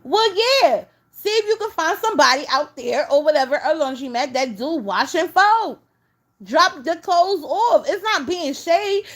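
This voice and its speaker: A woman talks through a casual reaction commentary. She scolds in an exasperated way, addressing the person she criticizes directly. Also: very high voice.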